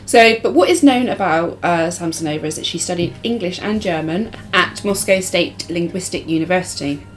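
Low-voiced woman telling a crime case. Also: moderate pace, hardly any pauses, slight background noise, low-quality recording. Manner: reads case details, then chats loosely. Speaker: podcast host. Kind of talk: casual true-crime chat.

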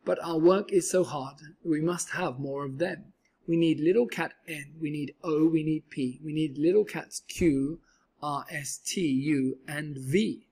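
A man's voice: fairly high pitch, measured pace, darkish tone, husky. A man reading aloud and voicing a cheerful, boastful male cat in a tall hat, with a showy, exclaiming manner. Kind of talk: storybook read-aloud.

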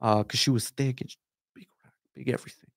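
Rambling, profane podcast guest. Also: male voice, mid-range voice, fairly even intonation, fairly quick, creaky, dry recording, clean studio sound. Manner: rambling, profane storyteller, lots of "dude". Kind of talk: casual chat.

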